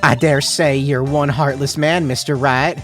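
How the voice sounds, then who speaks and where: A man's voice: mid-range voice, fairly even intonation, a little slow, faint music behind, close to an everyday voice. A man voicing a brash, pushy woman photographer with a put-on Southern accent and a folksy, bossy drawl.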